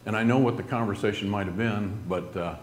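Low-voiced middle-aged man telling his story. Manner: earnest, halting, drops soft at grave moments. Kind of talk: personal testimony storytelling. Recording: roomy echo with faint noise.

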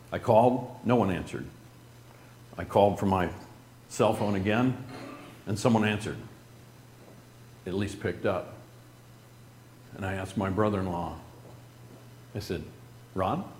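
A middle-aged man telling a personal story earnestly and haltingly, his voice dropping soft at grave moments. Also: deep voice. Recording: roomy echo with faint noise.

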